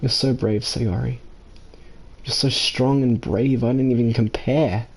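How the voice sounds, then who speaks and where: A man reading the lines of a warm, reassuring schoolgirl club president in a soft, tender voice. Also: medium pitch, fairly even intonation, unhurried, slightly rough.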